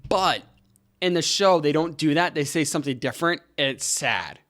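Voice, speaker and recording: A young man chatting on a podcast, wandering from point to point and cracking jokes as he goes. His voice sits a little high and swings widely in pitch. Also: expressive, moderate pace, fairly bright tone. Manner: rambling, joking, loses his train of thought. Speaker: podcast co-host. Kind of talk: casual chat.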